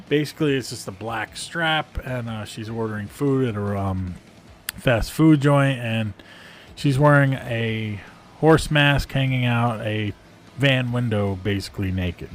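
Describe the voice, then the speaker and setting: A man's voice: mid-range voice, slight background noise. A man giving a casual, rambling review of video clips, amused and full of fillers. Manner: amused, rambling, frequent ums and uhs.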